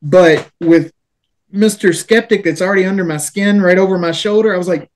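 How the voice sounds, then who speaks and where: Animated man telling ghost stories. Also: sits high, normal speed. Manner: animated storyteller acting out the people he quotes. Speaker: paranormal investigator guest. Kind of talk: casual storytelling chat.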